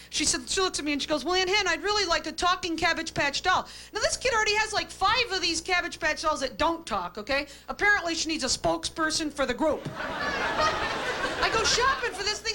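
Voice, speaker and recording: High-voiced deadpan woman comic. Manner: deadpan quips, tags jokes with a flat "okay?". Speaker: stand-up comic. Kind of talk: stand-up comedy routine. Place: comedy club stage with a live audience. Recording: hissy old VHS tape with audience laughter.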